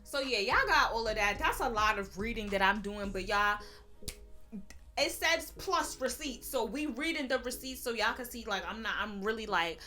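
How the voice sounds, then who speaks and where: Sassy new girl in her 20s doing a storytime, bright voice, some music in the back. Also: a little high. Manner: sassy, animated, quick-witted. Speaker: YouTuber. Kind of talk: storytime vlog. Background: background music.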